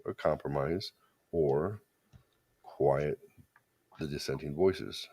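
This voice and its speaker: A man's voice: a bass voice, slow, warm tone, husky. A man co-hosting a podcast, talking in a casual, opinionated way and telling blunt, crude stories with frequent restarts. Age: adult parent. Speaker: podcast co-host.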